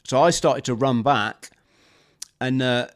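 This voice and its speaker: A man, a former marine guest on a podcast, telling a lively story and acting out the shouts, talking over a video call. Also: mid-range voice, slow. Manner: animated storyteller, acts out shouted quotes. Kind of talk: storytelling interview.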